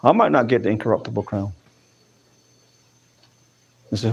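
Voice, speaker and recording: A man preaching a sermon, animated, punctuating his points with repeated calls of "amen". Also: on the low side, normal speed, vocal fry, breathy edge.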